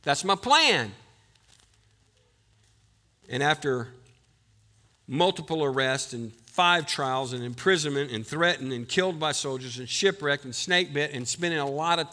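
A pastor preaching with a high voice. He pushes his points hard and calls on the congregation to answer aloud. His tone is bright and clear. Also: in a large hall. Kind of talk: sermon.

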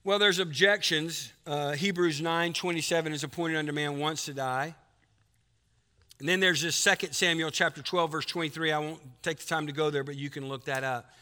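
Preacher in a reverberant hall. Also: male voice, fairly high pitch, fairly even intonation, normal speed, pushed and bright. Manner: folksy, storytelling preacher. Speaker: pastor. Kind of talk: sermon.

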